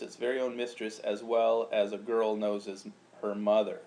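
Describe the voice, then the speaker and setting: A man's voice: fairly low pitch, little pitch movement, normal speed, few pauses, warm tone. A man teaching, explaining grammar patiently and chanting out rhythms syllable by syllable. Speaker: Latin teacher. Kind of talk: recorded lecture.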